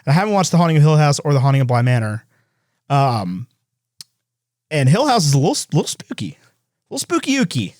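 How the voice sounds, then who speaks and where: A man co-hosting a movie podcast in casual chat, rambling quickly and laughing as he tells stories. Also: fairly high pitch, very animated, a little mellow, no echo, clean studio sound. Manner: fast, rambling, laughs while telling stories. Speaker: podcast co-host.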